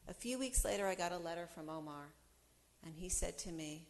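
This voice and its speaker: Middle-aged woman telling a story on stage, acts out the quotes, kinda low voice, lots of hall echo. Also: fairly quick. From United States. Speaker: speaker. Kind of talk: storytelling talk.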